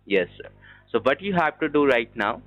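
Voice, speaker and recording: A man's voice: mid-range voice, sing-song, moderate pace, a bit bright. A man working as a phone support agent, reading a script with formal, repetitive phrasing over a phone line. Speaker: scam call agent. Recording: dull lo-fi phone audio with faint music.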